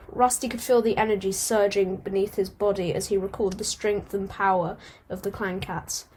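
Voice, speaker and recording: A woman reading a storybook aloud at a steady pace, now and then stumbling and starting a phrase again. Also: mid-range voice, normal speed, hardly any pauses, slight background noise. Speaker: audiobook reader.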